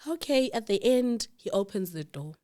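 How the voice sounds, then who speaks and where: Animated woman storyteller. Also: mid-range voice, moderate pace. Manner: animated, acts out quoted dialogue, laughs in disbelief. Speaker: guest. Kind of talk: personal storytelling.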